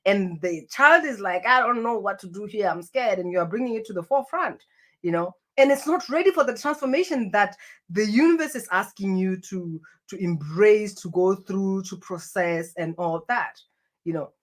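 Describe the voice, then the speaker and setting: A woman talks to her viewers as a spiritual coach. Her delivery is earnest and unscripted. She often stumbles and repeats words before her point lands, and her pitch sits in a middle range. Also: expressive, normal speed. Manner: earnest, with many restarts and repeated phrases. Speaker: spiritual self-help coach. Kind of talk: spiritual self-help talk to camera.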